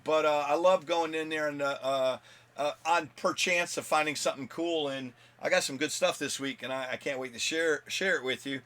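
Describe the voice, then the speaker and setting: A man's voice: fairly high pitch, steady tone, moderate pace, sharp tone. Chatty, rambling man hosting a comics vlog. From United States. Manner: rambling, chatty, with fillers and laughs. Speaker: comic book channel host. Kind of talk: casual video blog chat.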